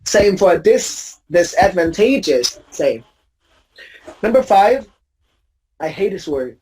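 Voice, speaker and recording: A woman's voice: medium pitch, big pitch swings, slow, warm tone, low-quality recording. Patient woman coaching word stress. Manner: patient, corrective, models words by repetition. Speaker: English pronunciation teacher. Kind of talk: classroom pronunciation drill.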